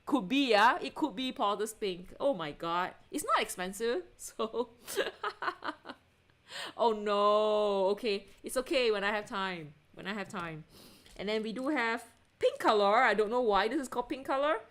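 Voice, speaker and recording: A woman's voice: medium pitch, animated, moderate pace, fairly bright tone. A woman hosting an art livestream, chatting casually to viewers with frequent giggles and self-interruptions as she shows her paints. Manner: asks viewers to check things, answers chat. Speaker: artist livestream host.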